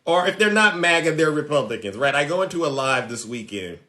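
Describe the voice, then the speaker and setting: An emphatic man delivers a political monologue straight to his followers. His voice sits a little high for a man. He talks in a preachy, taunting way, repeating his points and pushing them home with a tag question. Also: very animated, a little fast, pushed and bright. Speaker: social media commentator.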